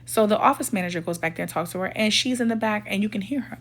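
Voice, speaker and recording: Talking fast at a medium pitch, a woman shares a personal storytime. As a vlogger, she is casual, emphatic and indignant, playing out the dialogue of everyone in her story.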